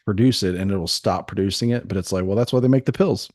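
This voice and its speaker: Low-voiced man in dry banter. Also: quick pace, no room sound. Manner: joking, rambling with restarts and deadpan asides. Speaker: podcast co-host. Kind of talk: casual banter.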